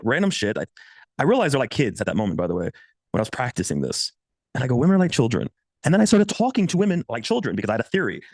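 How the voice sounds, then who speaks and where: A man in his thirties giving blunt, profane dating advice in a casual coaching monologue. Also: dry recording. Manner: blunt, profane, animated, swings pitch for quoted voices.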